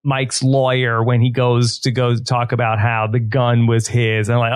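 A man's voice: mid-range voice, measured pace, hardly any pauses, clean tone, dry recording. A man co-hosting a podcast, casually talking through a TV episode and peppering his speech with "like.". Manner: relaxed, many fillers like "like" and "sort of". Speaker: podcast co-host.

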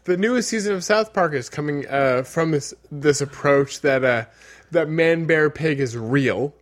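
A man's voice: a little high, a little slow. A young man co-hosting a podcast, bantering in a giggly, self-mocking way. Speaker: podcast co-host. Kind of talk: casual chat.

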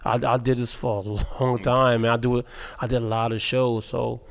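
A comedian man telling stories about his early career in a casual interview, animated and laughing often, with lots of fillers. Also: medium pitch, moderate pace, creaky. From Baltimore. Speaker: guest comedian.

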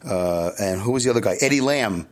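A man's voice: lowish voice, animated, brisk. A middle-aged man from Brooklyn, hosting a podcast alone in a loose, candid ramble, chuckling and correcting himself as he goes. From New York City, Brooklyn. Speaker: podcast host. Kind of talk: casual solo podcast monologue.

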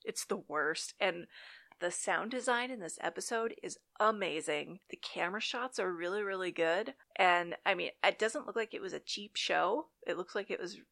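A woman's voice: fairly low pitch, normal speed, vocal fry, pushed and bright. A young woman hosting a podcast, recapping an old TV episode in a chatty, enthusiastic, nostalgic way. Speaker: podcast host.

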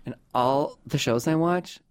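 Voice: medium pitch, clean tone. Chatty enthusiastic American host. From United States. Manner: chatty, enthusiastic, quick asides. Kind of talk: casual interview chat.

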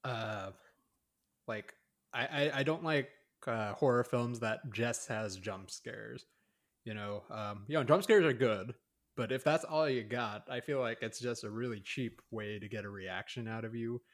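A man's voice: medium pitch, unhurried. Rambling man chatting about a film. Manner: rambling, many fillers and restarts. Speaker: podcast co-host. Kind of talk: casual chat reviewing a horror film.

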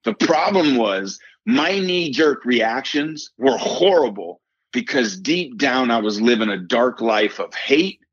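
A middle-aged man speaks as an interview guest in an earnest, emphatic way, circling back over his phrases and dropping in "man". His voice sits at an ordinary pitch. The audio is dull and lo-fi, dry with no room echo. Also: lively intonation, takes it slowly, husky. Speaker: guest, performance coach and former pitcher. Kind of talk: personal storytelling in a podcast interview.

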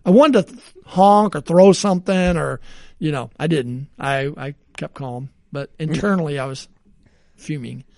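A man with a high, gravelly voice co-hosts a podcast and tells rambling everyday stories with frequent chuckles. His sound is close and dry, with no room around it. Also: moderate pace, a little mellow, dry recording. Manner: rambling storyteller, chuckles often. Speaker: podcast co-host. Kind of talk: casual podcast chat.

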